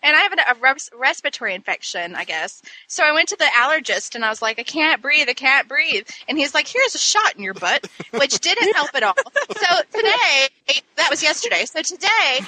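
A woman's voice: high voice, very animated, brisk, bright, forceful tone, no echo, rough recording. A woman co-hosting a podcast in casual chat, telling a rambling, self-mocking story and laughing at her own troubles. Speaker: podcast co-host.

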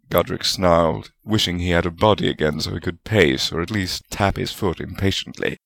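Deep gravelly male narrator. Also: normal speed, hardly any pauses. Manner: expressive storytelling. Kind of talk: audiobook fan fiction reading.

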